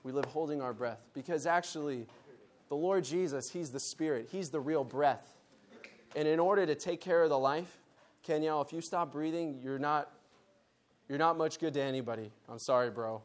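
Speaking at a moderate pace in a voice on the high side, a man delivers a Bible lesson to a conference meeting. He leads the audience in call and response as a group exercise.

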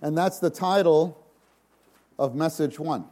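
A man delivering a sermon at a deliberate, unhurried pace. His voice is mellow and dark, though a bit higher than most men's. He swings from quiet, intimate passages to loud, dramatic cries. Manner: slow, emphatic delivery. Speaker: preacher.

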